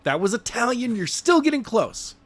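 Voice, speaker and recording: A man's voice: very high voice, big pitch swings, moderate pace. A man co-hosting a casual wrestling podcast, goofy and playful, with joking bursts. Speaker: podcast co-host.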